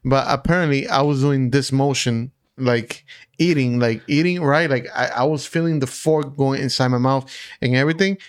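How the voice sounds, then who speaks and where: A young man from the Dominican Republic, a podcast co-host telling a rambling, animated story full of fillers. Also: medium pitch, moderate pace, clean tone, dry recording, studio quality. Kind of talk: casual storytelling chat.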